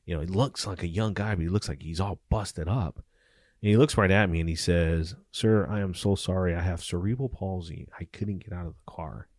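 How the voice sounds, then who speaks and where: Middle-aged male ex-cop, very low voice, dry close sound, gritty profane storyteller, acts out the quotes. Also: fairly quick, no room sound. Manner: animated, profane storyteller acting out dialogue. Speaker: former police officer. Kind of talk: casual storytelling interview.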